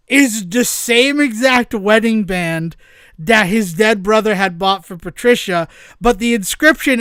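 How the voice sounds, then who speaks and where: A man hosting a podcast, casually retelling a film's plot with swearing, laughter and quick acted-out quotes. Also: extremely high pitch, fairly bright tone, clean tone, dry recording, studio quality. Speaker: podcast host. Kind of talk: casual movie recap chat.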